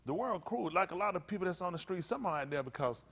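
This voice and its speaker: Male pastor, kinda high voice, aave, joking sermon style, acts out little scenes. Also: expressive, fast talker, gravelly, fairly bright tone, a little hiss or hum. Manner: conversational preaching with comic asides and acted-out voices.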